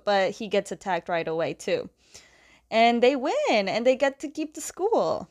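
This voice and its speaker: A woman's voice: a little high, very animated, measured pace, a little mellow. A woman casually retelling a comic book story in a chatty way, often saying "like" and laughing between plot points.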